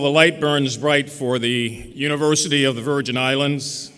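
A man's voice: fairly high pitch, pushed and bright. A man giving a keynote commencement address in a formal, oratorical style with a rhetorical cadence. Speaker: keynote speaker. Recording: reverberant ceremony venue.

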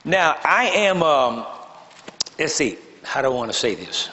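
A man's voice: a little high, big pitch swings, measured pace, sharp tone, in a large hall, lo-fi sound. A male pastor preaching a sermon to a congregation. He teases and jokes with them, leans hard on key words and repeats phrases for emphasis. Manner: joking, teasing the congregation between emphatic points. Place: church sanctuary before a congregation.

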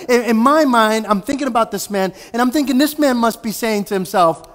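A male pastor with a notably high voice delivers a sermon in an easy, conversational way. He leans on rhetorical questions to drive each point home. The recording carries a long church-hall reverb. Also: normal speed, a bit bright. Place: church sanctuary.

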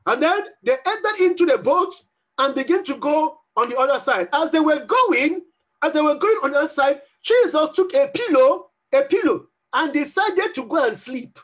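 A man's voice: very high-pitched, fairly bright tone. A man preaching a sermon as pastor, repeating phrases for emphasis and acting out pleading prayers.

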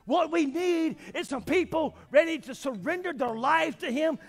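A man preaching a sermon as pastor, swinging from shouts to quiet talk. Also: very high voice, moderate pace, faint music behind. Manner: preaching, often shouting and then dropping quiet. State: out of breath.

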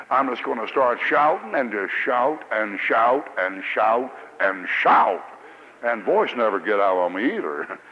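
Male pastor, folksy sermon, dull lo-fi sound, long hall echo. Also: mid-range voice. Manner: folksy, jokey, swings from soft to loud. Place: church. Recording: muffled old church recording with long reverb.

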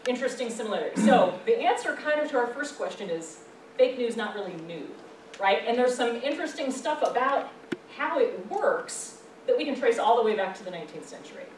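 A woman's voice: a little high, expressive, brisk. A woman professor giving a public lecture, conversational, often checking in with the audience. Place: library meeting room. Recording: roomy echo, voice from far off, faint background noise.

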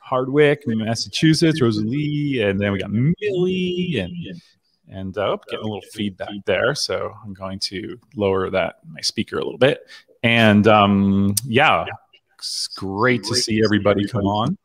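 A man's voice: fairly low pitch, measured pace. Chatty middle-aged man hosting a livestream. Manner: chatty, rambling, with many fillers and restarts. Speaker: host.

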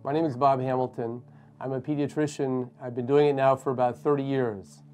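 A middle-aged male pediatrician gently explaining and demonstrating a baby-calming hold to parents. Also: medium pitch, brisk. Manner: gentle, reassuring, plain explaining. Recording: faint music behind.

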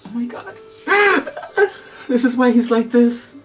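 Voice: mid-range voice, expressive, slow, a bit bright, faint music behind. A vlogger reacting to a romance series, exclaiming, squealing and swearing freely while watching. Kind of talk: excited reaction commentary. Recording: distant mic.

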